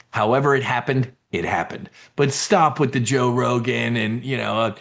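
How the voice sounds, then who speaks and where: A man's voice: mid-range voice, gravelly, a bit bright. Male host, mid-range voice, rambling profane rant full of restarts. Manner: fast, rambling, blunt and profane, with frequent restarts. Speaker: host of a trading and market show. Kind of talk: casual live-stream rant.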